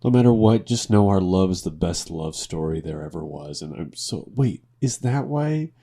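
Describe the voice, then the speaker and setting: A man's voice: sits low, animated, normal speed, warm tone. A tipsy man co-hosting a podcast, reading posts aloud in a pompous, mock-dramatic voice and breaking off to swear. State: tipsy from drinking. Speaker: podcast co-host.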